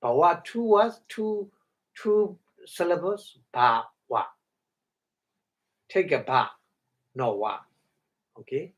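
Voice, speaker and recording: A man giving a Dhamma talk in halting English, breaking Pali words into syllables, often chuckling and asking if listeners follow. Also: a little high, very animated, a bit bright. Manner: halting non-native English, chuckles often, checks understanding. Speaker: meditation teacher.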